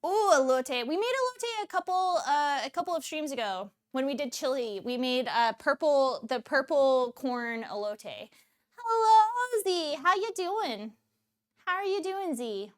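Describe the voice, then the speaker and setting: Casting: bubbly woman cooking streamer, high voice, laughs a lot. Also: sing-song, unhurried. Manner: bubbly, laughs often, reacts to chat. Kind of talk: casual livestream chat with viewers.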